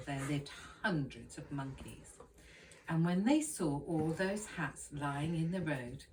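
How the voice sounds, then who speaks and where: A woman teacher reading a children's storybook aloud in a careful, expressive way. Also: deep voice, recorded from a distance, slight background noise. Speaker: primary school teacher.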